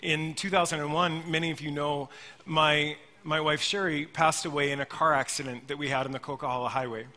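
High, bright-voiced preacher in a reverberant hall. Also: male voice, level tone, a little fast. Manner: earnest storytelling, addresses listeners as friends. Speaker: pastor. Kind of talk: sermon.

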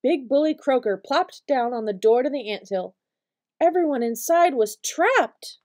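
A woman reading a picture book aloud to preschool children, with expressive storytelling. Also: high-pitched, a little slow. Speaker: storytime reader.

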